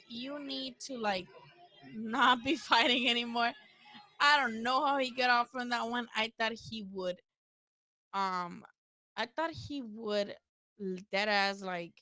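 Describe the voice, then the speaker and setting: A woman's voice: fairly high pitch, pushed and bright, no room sound. Woman, livestream host, casual boxing talk, blunt, profane, dry close mic. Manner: blunt, profane, talks back to chat. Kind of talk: casual post-fight livestream commentary.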